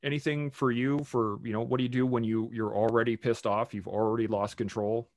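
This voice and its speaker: A man in casual conversation, animated and swearing freely as he acts out his own angry outbursts. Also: medium pitch, brisk, no echo, clean studio sound.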